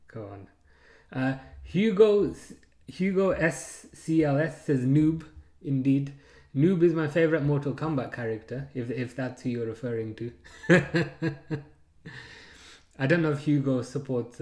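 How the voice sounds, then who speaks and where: A man's voice: mid-range voice, roomy sound. A man in his thirties hosting a live football watchalong, chatting, laughing and reading out viewer comments. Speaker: watchalong streamer.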